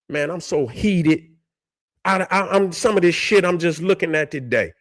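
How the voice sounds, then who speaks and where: A man hosts a commentary vlog in a fairly high voice at an ordinary pace. He rants with heat and plenty of swearing, trips over his words, and reads case histories aloud in between the outbursts.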